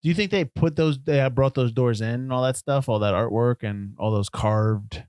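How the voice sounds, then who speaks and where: A man co-hosting a film podcast, rambling and breaking off his own sentences, quick to laugh. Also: medium pitch, a little mellow, clear, resonant tone, dry recording, clean studio sound. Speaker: podcast co-host. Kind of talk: casual chat about a film.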